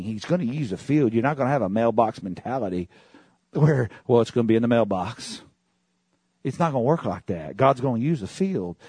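Husky, animated male preacher. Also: no echo. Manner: animated, rising to high excited exclamations. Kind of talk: sermon.

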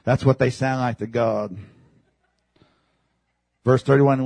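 A man preaching a sermon as pastor, swinging from shouted passages to hushed, low delivery. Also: fairly even intonation, takes it slowly, vocal fry, no echo.

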